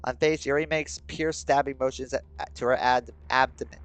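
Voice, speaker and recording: A young man at a middle pitch reads a game's story aloud to his stream, mostly steady and subdued. He breaks off now and then into loud, excited, swearing reactions. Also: brisk, clean tone, no room sound, poor audio. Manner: excitable, swears loudly in sudden outbursts. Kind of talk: reading a game story aloud with live reactions.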